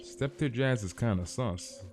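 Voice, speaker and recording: Speaking in a medium-pitched voice at an unhurried pace, a young man chats casually with viewers while streaming a game, faint music behind him. His storytelling is rambling, animated, and slangy.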